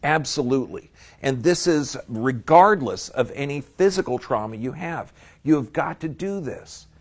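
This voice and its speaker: A man's voice: mid-range voice, animated, normal speed. A man giving a live seminar lecture, folksy and emphatic, often checking in with his audience. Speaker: seminar speaker.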